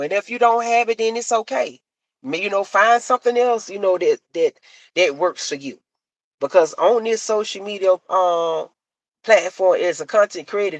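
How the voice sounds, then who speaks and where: A middle-aged woman creating live-stream content chats casually with her viewers, repeating herself and laughing easily. She has a low voice, recorded with no echo.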